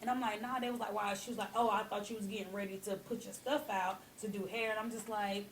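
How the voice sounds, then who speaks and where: A woman's voice: mid-range voice, fairly even intonation, fast, a little hiss or hum. A young adult woman, a hairstylist, talking candidly in a casual interview and often adding "you know what I'm saying". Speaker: hairstylist and guest.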